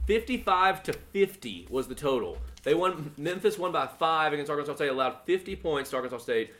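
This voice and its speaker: A man's voice: fairly high pitch, animated, fairly quick, fairly bright tone. A man co-hosting a podcast, giving confident, blunt betting picks in casual sports chat. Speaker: podcast co-host.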